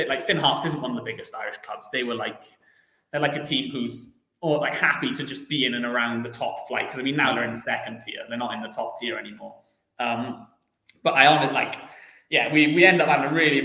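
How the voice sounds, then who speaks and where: A man's voice: medium pitch, sharp tone, echoey room, poor audio. A young man, a footballer guest, telling stories in a casual chatty interview, rambling with lots of restarts and fillers.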